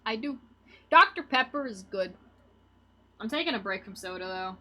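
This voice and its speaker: A woman's voice: medium pitch, lively intonation, normal speed, bright, forceful tone. A young woman streamer in casual, rambling chat with her viewers, laughing often as she talks. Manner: rambling and giggly, chatting with viewers.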